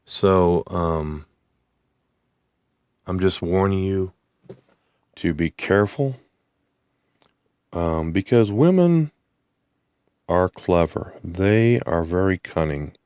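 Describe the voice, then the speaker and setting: A man with a low, deep voice talks at an unhurried crawl, pausing often and restarting his sentences. The sound is dry and close, with no room around it. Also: animated, a little mellow, clear, resonant tone, no room sound. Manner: slow, halting, many ums and restarts. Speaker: channel host. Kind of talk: unscripted monologue to camera.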